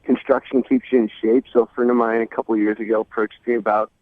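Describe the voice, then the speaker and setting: A man's voice: mid-range voice, flat delivery, fast talker, dry recording. Laid-back male caller on a tinny phone line. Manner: laid-back, lots of fillers like "man" and "bro". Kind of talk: casual phone-in chat.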